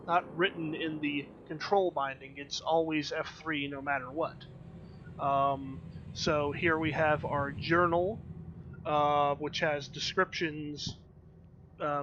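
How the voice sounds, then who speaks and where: A man's voice: fairly high pitch, bright, forceful tone, dull audio, slight background noise. A man talking through a video game as he plays, chatty and wry, with lots of ums and uhs. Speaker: streamer. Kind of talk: let's play commentary.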